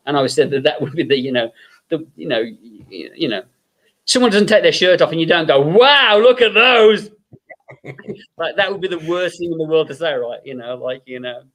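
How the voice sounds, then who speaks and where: Chatty English guest with a fairly high voice, loose storyteller who keeps saying "you know". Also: male voice, expressive, fast, fairly bright tone. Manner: rambling, many fillers and quoted voices. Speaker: guest filmmaker and makeup effects artist. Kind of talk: casual anecdote-telling.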